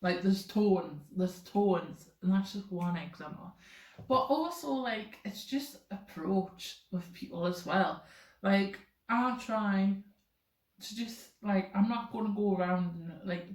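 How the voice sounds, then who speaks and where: A woman's voice: mid-range voice, takes it slowly, a little mellow. A young woman talking casually to camera, rambling with lots of fillers. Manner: rambling, filler-heavy, chatty. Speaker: vlogger. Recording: roomy echoey room.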